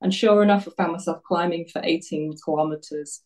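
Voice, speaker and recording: A woman's voice: on the low side, a little fast, a little mellow, far from the mic, poor audio. A woman in her fifties, a guest telling her story in a casual interview, chatty and self-deprecating, often laughing at herself.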